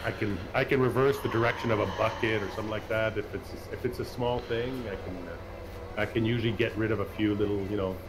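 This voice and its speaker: A man from Canada talks in a relaxed, rambling way, stopping and restarting his sentences. His voice sits a little low. A steady background noise runs under him. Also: fast. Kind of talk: casual chat.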